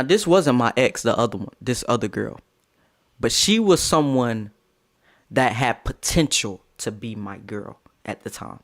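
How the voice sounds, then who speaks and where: Animated young man telling a story. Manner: animated, profane, jumps to squeaky high outbursts. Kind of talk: casual storytelling.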